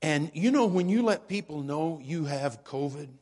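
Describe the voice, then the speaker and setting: An older man preaching as pastor, telling jokey stories in a folksy, unhurried way. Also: on the high side, animated, darkish tone. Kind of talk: sermon with casual storytelling. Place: church sanctuary. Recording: church hall with long reverb.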